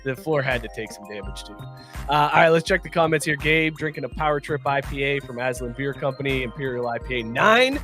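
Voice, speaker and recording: A man's voice: medium pitch, fast talker, faint music behind. A man hosting a casual podcast, teasing his friends and reading viewer comments. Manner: teasing, animated. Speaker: podcast host. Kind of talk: casual beer-and-sports chat.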